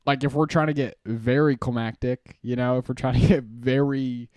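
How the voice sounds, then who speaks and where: A man's voice: medium pitch, steady tone, moderate pace, darkish tone, clear, resonant tone, dry recording, clean studio sound. A young man hosting a live stream, chatting casually in a rambling, joking way and often laughing. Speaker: streamer host.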